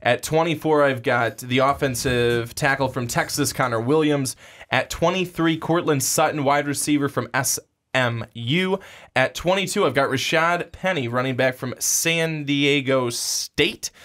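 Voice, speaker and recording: A man's voice: mid-range voice, a little slow, a bit bright. A man co-hosting a casual sports podcast, teasing his partner with dry wisecracks. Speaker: podcast co-host.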